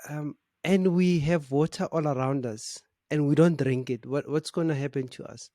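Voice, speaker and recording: A South African man hosting a talk show, introducing the topic and guest in a relaxed, playful way. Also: on the high side, moderate pace, dry recording, clean studio sound. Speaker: show host.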